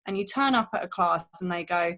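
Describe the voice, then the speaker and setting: A woman's voice: lowish voice, brisk, a bit bright, dull audio. Frank, chatty woman explaining meditation. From fishing village. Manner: frank and chatty, swears, uses playful images. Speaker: meditation teacher and wellbeing guest. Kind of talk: casual podcast chat.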